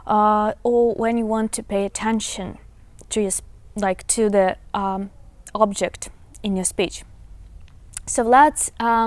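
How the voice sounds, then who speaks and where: A woman with a Ukrainian accent, a native Ukrainian speaker, teaching a language lesson outdoors, speaking slowly and carefully with many hesitations. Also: mid-range voice, no room sound. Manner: slow, careful teaching with frequent filler sounds. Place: outdoors in a garden.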